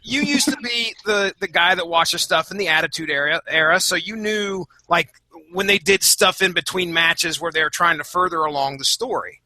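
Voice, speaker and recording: A man co-hosting a podcast in casual chat, animated and eager to explain. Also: high-pitched, moderate pace, slight background noise. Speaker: podcast co-host.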